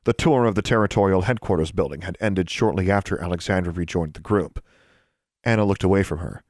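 A man narrating a novel in steady, measured storytelling. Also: sits low, no room sound, studio quality. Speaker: audiobook narrator. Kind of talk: scripted narration.

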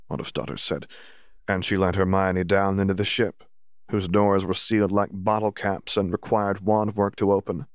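A man's voice: lowish voice, little pitch movement, moderate pace, dry recording, clean studio sound. A man narrating a fan fiction audiobook, reading the story and shifting his voice a little for each character.

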